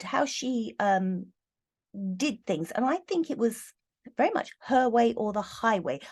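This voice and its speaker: A woman giving an earnest, halting tarot reading to camera, with many fillers and growing emotion. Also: mid-range voice. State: getting emotional. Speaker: tarot reader.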